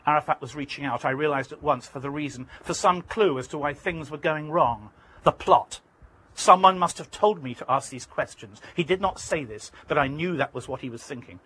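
British man reading his memoir, husky. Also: medium pitch, fairly quick, sharp tone, poor audio. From Britain. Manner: vivid, emphatic storytelling. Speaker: author reading his book.

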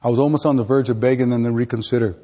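A man's voice: medium pitch, fairly even intonation, very fast, warm tone, long reverb tail. A man reading his own writing aloud to listeners, chatting plainly and with small restarts between passages. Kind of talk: live literary reading.

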